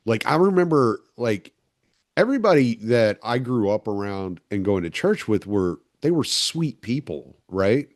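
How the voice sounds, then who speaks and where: A man hosting a relaxed conversation, rambling with lots of filler words. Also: lowish voice, unhurried, dry recording, studio quality. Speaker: podcast host. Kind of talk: casual conversation.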